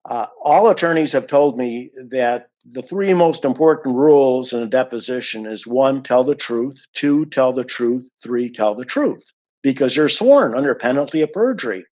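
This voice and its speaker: A man's voice: medium pitch, expressive, moderate pace, darkish tone, muffled recording. A man giving an indignant, emphatic account of a complaint as an unhappy client, stressing and repeating his points. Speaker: dissatisfied client giving a review.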